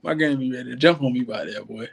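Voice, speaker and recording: A man's voice: mid-range voice, racing, vocal fry, slightly rough. A man, telling hunting stories as a podcast co-host in casual chat and acting out quoted voices. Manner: storytelling, acts out quoted voices.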